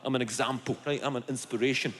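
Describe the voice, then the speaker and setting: A man's voice: mid-range voice, steady tone, heavy background noise. A man in his thirties with a Glaswegian Scottish accent, doing a sweary stand-up routine in a theatre in front of a live audience. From Scotland. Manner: sweary, storytelling, quick asides. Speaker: stand-up comedian. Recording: echoey live hall with loud audience laughter.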